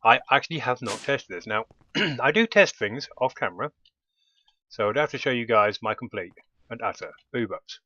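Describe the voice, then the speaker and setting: A man talks through his gameplay in a casual, excitable way, often breaking into delighted exclamations. His voice is bright and forceful at a middling pitch. The recording sounds dull and lo-fi. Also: moderate pace, no echo. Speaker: let's play host.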